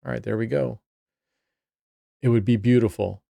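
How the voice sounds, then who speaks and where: A man's voice: mid-range voice, fairly even intonation, moderate pace, gravelly, dark tone, no echo. A man hosting a casual play-by-play of his own online roulette session, chatty and talking to himself and to viewers. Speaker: host.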